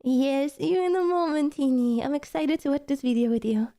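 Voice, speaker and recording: High, mellow-voiced gushing woman streamer. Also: a little fast. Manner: effusive, repeating thanks over and over; gushing and emotional. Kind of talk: reaction stream chat.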